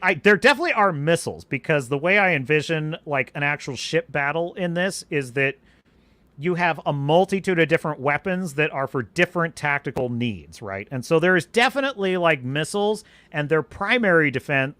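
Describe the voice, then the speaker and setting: Guy hosting a live stream, rambly, answers chat, bright voice that swoops around a lot. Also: a little high, brisk, no room sound. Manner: animated, rambling, restarts sentences. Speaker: podcast host.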